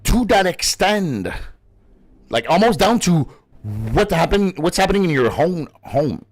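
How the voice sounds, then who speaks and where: A man's voice: high voice, big pitch swings, measured pace, dry recording. A young adult man, a gaming streamer, in a passionate, profane, casual rant. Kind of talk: casual ranting commentary.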